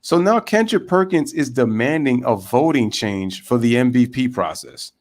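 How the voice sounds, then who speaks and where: A young man calls a baseball game live for his online viewers, reading the chat aloud between pitches. His voice sits at an ordinary middle pitch but leaps sharply upward when he launches into heated, ranting asides. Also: moderate pace. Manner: animated, ranting, chatty with viewers. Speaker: live baseball commentator and streamer. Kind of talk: casual live play-by-play with rants.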